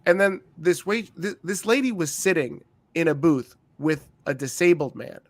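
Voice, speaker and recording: A man co-hosting a wrestling podcast, telling stories in a profane, animated way and acting out what people said. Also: on the high side, moderate pace, no echo. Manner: profane, animated storytelling with acted-out quotes. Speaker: podcast co-host. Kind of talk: casual chat.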